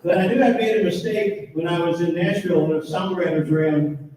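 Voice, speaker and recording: High-voiced man joking from a stage. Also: steady tone, a little fast, a little mellow. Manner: joking, storytelling, laughing at his own lines. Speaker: singer-songwriter performing at a tribute show. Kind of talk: humorous stage banter between songs. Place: live music venue with audience. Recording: echoey hall from far off, music playing.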